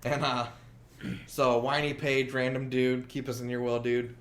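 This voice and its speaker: Speaking a little slowly in a mid-range voice, this man is a guest on a podcast spinning a story over casual chat. He gets animated, curses frequently, and performs other people's lines.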